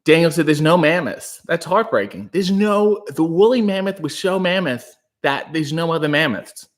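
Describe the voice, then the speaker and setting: A Canadian man hosting a live stream, reading chat aloud and joking in a breathy, hushed way, close on a new microphone. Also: fairly high pitch, lively intonation, normal speed. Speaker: livestream host reading chat. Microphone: new studio microphone.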